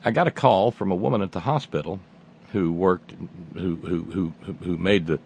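A man's voice: deep voice, normal speed, creaky, a little mellow, a little hiss or hum. Rambling, wry middle-aged male host. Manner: rambling, self-interrupting, wry asides. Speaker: radio host. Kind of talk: casual monologue.

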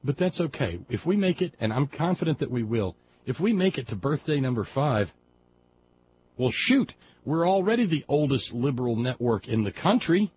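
On dull, lo-fi audio with faint background noise, a West Virginian liberal talk radio host speaks at moderate speed. His medium-pitched voice is very animated as he delivers a folksy, impassioned political monologue that wanders off on tangents.

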